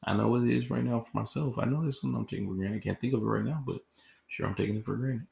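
A man's voice: mid-range voice, rapid-fire, gravelly, a little mellow. A man hosting a podcast in a casual closing monologue, rambling and full of "like" fillers. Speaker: podcast host. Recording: roomy echo.

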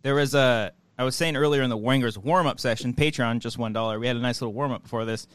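A young man hosting a loose podcast chat in a dry, close room. He laughs a lot, trails off mid-thought and slips into quick impressions while telling stories. His voice sits at an average pitch. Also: a bit bright, smooth, no room sound. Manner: laughs often, tells stories with put-on voices. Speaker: podcast host. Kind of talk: casual chat.

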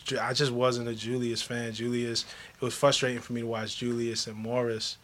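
A man guesting on a podcast, chatting casually in an animated way, laughing often and restarting his sentences. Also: mid-range voice, moderate pace. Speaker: podcast guest, media journalist. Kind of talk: casual chat.

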